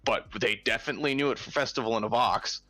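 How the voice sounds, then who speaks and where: A man guesting on a live stream, giving blunt, opinionated takes at a brisk clip. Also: mid-range voice, sharp tone, no room sound. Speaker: guest commentator. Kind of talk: livestream discussion.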